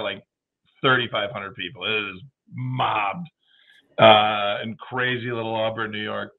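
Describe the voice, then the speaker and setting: A middle-aged man, a guest on a talk show, telling lively anecdotes in casual chat and acting out the dialogue. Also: medium pitch. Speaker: guest, baseball team general manager. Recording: tinny phone-like audio.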